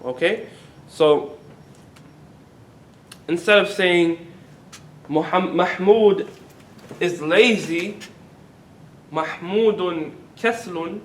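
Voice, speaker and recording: A man teaching an Arabic grammar class, asking the students questions, having them repeat words and drawing words out slowly to model them. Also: recorded from a distance. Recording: echoey classroom recording with faint rumble.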